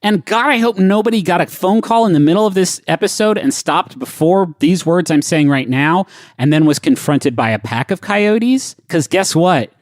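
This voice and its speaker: Animated male comedy podcast co-host, higher voice, wide swings in pitch, dry close studio sound. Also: normal speed, no echo. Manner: animated, riffing, sudden swoops in pitch. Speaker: podcast co-host reading questions. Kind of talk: casual comedic banter.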